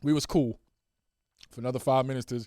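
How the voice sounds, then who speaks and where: A man hosting a solo podcast, telling stories in a casual, animated way and acting out the dialogue. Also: a little fast, no room sound, clean studio sound. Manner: animated storytelling, acts out dialogue with swings in pitch. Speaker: podcast host.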